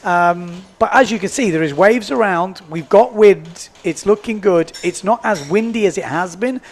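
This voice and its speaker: A man's voice: sits high, moderate pace. A man commentating live at a sports event, chatty and upbeat, often repeating himself as he thinks aloud. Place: indoors at a beachside event.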